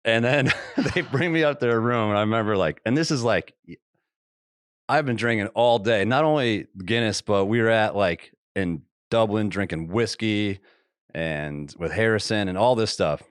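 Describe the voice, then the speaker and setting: A man hosts a podcast in a lowish, smooth voice at normal speed, recorded in a clean studio with no echo. He tells laughing anecdotes in casual storytelling chat and drops to a whisper for quoted asides.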